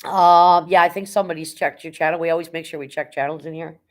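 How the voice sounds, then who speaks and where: Fast-talking, with a low voice and fairly even intonation, a middle-aged woman runs a laid-back livestream. She rambles about jobs she's had, greets viewers by name, and stays blunt, swearing now and then.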